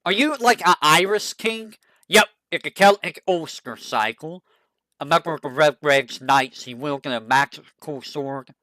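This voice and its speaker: A VTuber streamer chatting casually, musing aloud, asking itself questions and reading character bios haltingly. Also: medium pitch, bright, forceful tone, no room sound. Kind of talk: casual stream chat, browsing game characters.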